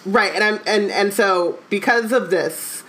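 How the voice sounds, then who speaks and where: A woman co-hosting a casual chat, animated and jokey, talking in quick bursts. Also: mid-range voice, low-quality recording. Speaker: podcast co-host.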